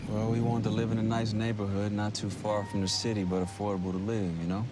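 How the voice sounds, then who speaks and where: A low-voiced, calm newcomer to the suburbs, played by a man, talking matter-of-factly. The film clip carries clear background noise behind his voice. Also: quick pace, natural voice. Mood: explaining.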